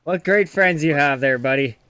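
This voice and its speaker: A man's voice: a little high, normal speed, sharp tone. A man gaming with friends, chiming in with short wry reactions and jokes. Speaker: co-streamer. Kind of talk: casual chat while gaming.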